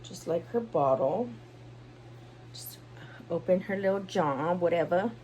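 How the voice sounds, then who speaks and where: A woman's voice: on the low side, lively intonation, unhurried, dark tone, a little hiss or hum. A young woman vlogging at home in a casual, rambling way, full of fillers and sounding tired. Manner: rambling, chatty, with many fillers. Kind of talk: casual vlog chat.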